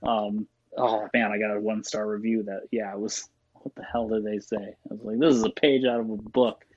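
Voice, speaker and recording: Man, casual interview guest, laughs a lot, low voice, muffled sound. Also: little pitch movement, a little fast, a little mellow, no echo. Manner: laughing, rambling. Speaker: guest, shop owner.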